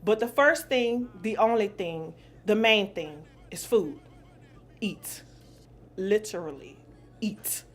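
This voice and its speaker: A woman in her forties from New Orleans, USA answers questions in a blunt, profane, casual chat, laughing easily. Her mid-range voice is expressive and slow-paced.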